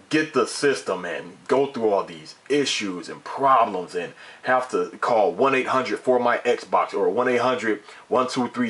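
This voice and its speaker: Low-voiced man ranting about gaming. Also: fairly bright tone. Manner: emphatic and repetitive, with frequent restarts and mild swearing. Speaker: gaming vlogger. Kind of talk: casual opinion rant to camera.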